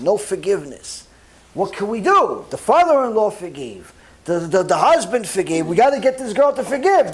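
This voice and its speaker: A rabbi giving a Torah lecture, telling a story as an animated storyteller who acts out each character's lines. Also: male voice, high voice.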